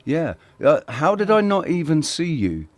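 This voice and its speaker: A man hosting a livestream, bantering, swearing and laughing loudly. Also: a little high, sing-song, measured pace, dry recording. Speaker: livestream host.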